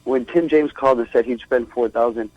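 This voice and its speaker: A man's voice: medium pitch, fairly quick, dry recording, muffled recording. Giddy, laughing male radio caller. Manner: excitable, profane, keeps breaking into giddy laughter. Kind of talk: call-in radio chat. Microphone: phone call.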